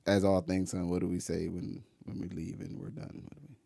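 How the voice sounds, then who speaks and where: A man's voice: low-pitched, level tone, a little fast, gravelly, dark tone, dry recording, clean studio sound. A middle-aged man hosting a podcast, chatting with his son in an encouraging, teasing way. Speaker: podcast host. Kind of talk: casual father-son chat.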